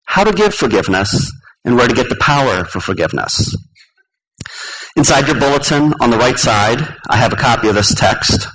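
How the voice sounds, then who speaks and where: A man's voice: on the high side, a bit bright, rough recording. A male pastor giving a conversational sermon to his congregation. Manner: conversational, chuckles and asks the congregation questions.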